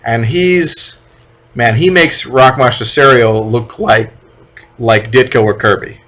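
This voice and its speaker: A man's voice: mid-range voice, slow, a bit bright. A man co-hosting a podcast in casual chat, speaking hesitantly with many ums and giving blunt, critical opinions. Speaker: podcast co-host.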